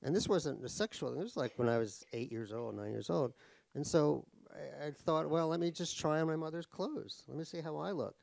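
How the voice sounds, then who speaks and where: Middle-aged American author, gravelly, somewhat high voice, dry close sound, wry self-mocking humor. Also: male voice, fairly quick, a little mellow, no echo. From New York, USA. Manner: wry and joking, self-mocking, many restarts. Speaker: author and guest speaker. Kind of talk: casual conversation on stage. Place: cultural center event hall.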